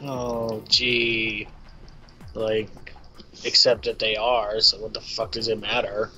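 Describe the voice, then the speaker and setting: A man's voice: fairly low pitch, little pitch movement, slow, bright, forceful tone, faint music behind, poor audio. A man in his twenties co-hosting a game stream, bantering in a blunt, teasing and profane way. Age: 20s. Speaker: co-host of a game let's play stream. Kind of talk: casual gaming banter.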